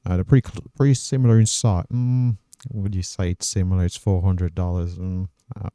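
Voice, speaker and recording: A man hosting a trading channel, walking through his day's trades on screen in a measured, methodical way and thinking aloud. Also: low-pitched, steady tone, dark tone, dry recording, clean studio sound. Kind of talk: casual trading recap over screen recording.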